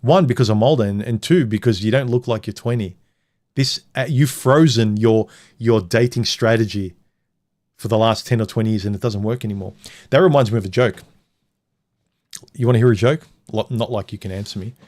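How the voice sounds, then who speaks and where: Blunt, low-voiced man hosting a live stream. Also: brisk, darkish tone, dry recording, clean studio sound. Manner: blunt, joking, talks straight to the chat. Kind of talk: casual live stream chat.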